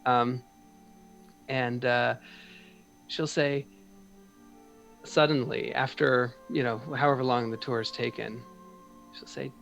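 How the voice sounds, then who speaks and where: A man's voice: mid-range voice, steady tone, slow pace, gravelly, pauses often, a bit bright, dull audio, soft background music. A man narrating a tabletop game as game master, hesitant and full of fillers.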